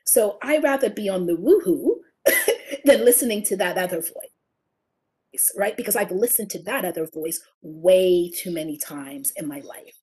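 A woman guest on an interview show with a somewhat low voice. She talks in an expressive, storytelling way and sometimes eases into soft, gentle self-affirmations. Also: measured pace. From England. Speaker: author and guest. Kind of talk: conversational interview.

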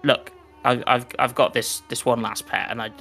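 A man running a tabletop game as game master, speaking in a halting, stop-start way. His voice is gravelly and bright, with a forward edge. Faint music plays behind him. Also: medium pitch, steady tone. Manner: halting, many fillers and restarts.

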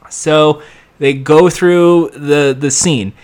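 A man with a slightly high voice recaps a show in a loose, rambling way. He is sarcastic throughout and adds sound effects and quick impressions as he goes. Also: expressive. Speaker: show reviewer. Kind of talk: casual recap and commentary.

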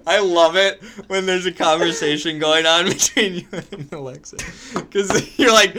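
A man's voice: high-pitched, crowd noise. A man co-hosting a podcast in casual chat, teasing his friend and laughing easily. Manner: giggly, teasing, quick to laugh. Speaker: podcast co-host.

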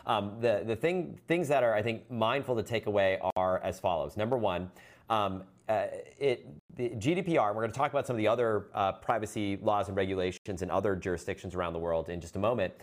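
Man, lower voice, webinar host, rambling recap, lots of ums. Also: fairly quick. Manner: rambling, filler-heavy recap. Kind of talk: webinar hosting.

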